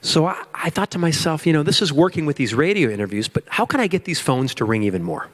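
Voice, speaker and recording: A middle-aged man from Chicago giving a keynote talk, telling a lively business story and acting out his own panic and phone calls, now and then asking the audience questions. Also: on the high side, quick pace. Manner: animated, acts out his own panic and quotes. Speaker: speaker at a business forum.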